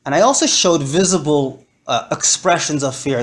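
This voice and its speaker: A man lecturing to a live audience, animated and acting out his stories with big swings in his voice. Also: fairly high pitch, normal speed.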